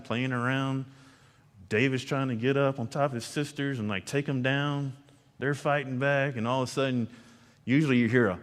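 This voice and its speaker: A man preaching a sermon as pastor, swinging between loud emphasis and hushed, low lines. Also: big-room sound. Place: church sanctuary.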